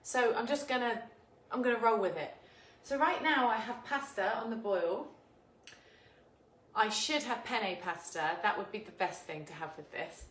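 A woman's voice: fairly high pitch, normal speed, a bit bright. Chatty woman hosting a cooking stream. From England. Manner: chatty, laughing, greets viewers by name. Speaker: cooking show host. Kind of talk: casual live-stream cooking chat. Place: home kitchen. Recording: echoey kitchen with faint background noise.

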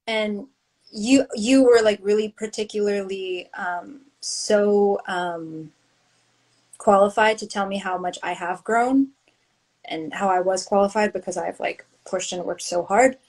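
A woman's voice: medium pitch, a little slow, a little mellow, rough recording. A woman author in candid, casual conversation on a video livestream, laughing often and speaking openly. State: tearful near the end. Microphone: livestream video call.

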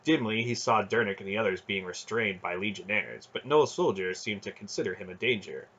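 Husky male fantasy audiobook narrator. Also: lowish voice, a little fast, lo-fi sound. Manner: steady storytelling narration. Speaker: audiobook reader.

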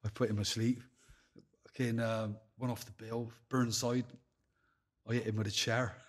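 This English podcast guest has a Bristol accent and a medium-pitched, level voice at normal speed. His casual storytelling is full of swearing, acted-out dialogue and laughter.

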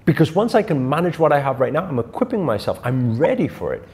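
A man's voice: on the high side, big pitch swings, fast, darkish tone. A man spiritual teacher giving an emphatic motivational talk, asking his audience questions and repeating key phrases.

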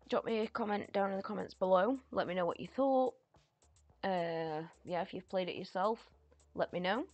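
Excitable young woman gaming. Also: on the low side, dry recording. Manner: chatty, excitable, exclaiming. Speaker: gaming YouTuber. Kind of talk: casual gaming commentary.

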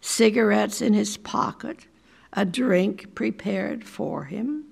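An older woman reading a short story aloud in a measured, deliberate way. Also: medium pitch, lively intonation, gravelly, husky. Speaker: resident reader.

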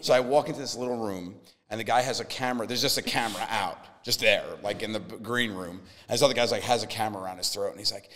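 A man guesting on a podcast, telling stories in casual chat with lively, acted-out quotes. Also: fairly low pitch, in a large hall. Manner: fast, animated storytelling with acted quotes.

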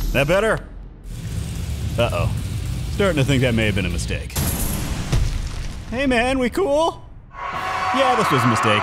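A man voicing a sarcastic, nervous little male bug knight in a comedy fan-parody, bouncing between bravado and panic. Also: fairly high pitch. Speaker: voice actor and channel host. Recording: music bed under the voice.

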